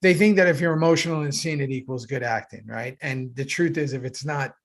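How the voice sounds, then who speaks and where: A middle-aged man co-hosting a casual review podcast, talking through scenes in an animated way with many "right?" asides. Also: mid-range voice, quick pace. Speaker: podcast co-host, actor.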